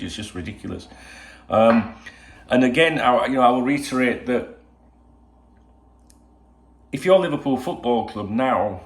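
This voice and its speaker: An older man from England chats to his viewers at home, wandering through his thoughts with constant "you know" asides. His voice sits fairly low. The room around him sounds echoey. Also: creaky. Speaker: football channel host. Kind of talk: casual solo video chat. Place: at home indoors. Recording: roomy home echo.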